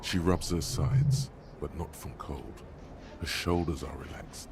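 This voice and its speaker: A man voicing the grave inner narrator of a video game, slow and measured, over clear background noise. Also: a bass voice, fairly even intonation.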